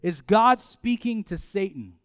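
A man, preaching a sermon in a conversational, animated way with asides and repetition. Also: high-pitched, unhurried, clean tone, no room sound. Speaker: pastor.

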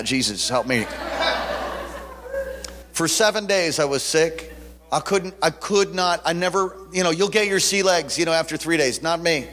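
Male preacher, fairly high voice, telling a testimony that builds to fervent preaching. Heard in a large hall with a long reverb. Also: expressive, moderate pace, fairly bright tone. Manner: conversational storytelling that swells into fervent preaching. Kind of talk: sermon with personal testimony.

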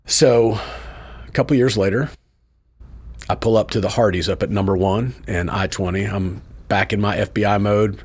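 Middle-aged male pastor, somewhat low voice, animated storyteller who checks in with his listener and laughs easily. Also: breathy edge. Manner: animated storyteller, tags points with "right?"; laughs between lines. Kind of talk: personal storytelling in an interview.

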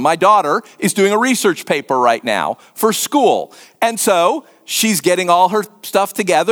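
A middle-aged man preaching a conversational sermon, animated and repetitive for emphasis. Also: sits high. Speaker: pastor.

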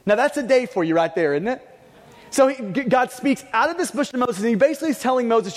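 A pastor delivering a conversational sermon, stumbling and restarting, with bursts of raised emphasis. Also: male voice, extremely high pitch, fairly quick, big-room sound.

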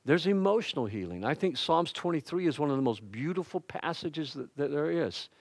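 A man's voice: fairly high pitch, very animated, a little fast, vocal fry, dry recording. An older man preaching a sermon as pastor, folksy and conversational, with personal asides and light humor. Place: church.

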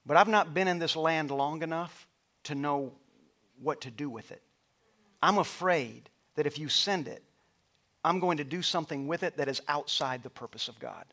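A middle-aged male pastor preaching a sermon in a church, rising to loud passionate peaks and dropping to a soft storytelling voice. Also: fairly high pitch, moderate pace. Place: church auditorium with stage lights.

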